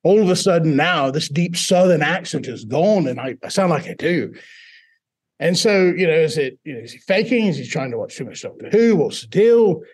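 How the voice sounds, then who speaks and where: A man's voice: on the high side, lively intonation, normal speed, slightly rough. A middle-aged man from Mississippi with a British-sounding accent, telling his story as an interview guest and acting out quoted voices. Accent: British-sounding accent from foreign accent syndrome. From Mississippi, US South.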